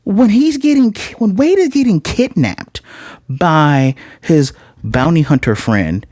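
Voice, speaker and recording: A Midwestern man reviews a show in a loose, rambling way, cutting himself off for asides and corrections. His pitch swings a lot and he sounds very expressive. The sound is dry and close. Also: takes it slowly, dry recording. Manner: rambling, blunt, with frequent asides and self-corrections. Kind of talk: casual spoken review.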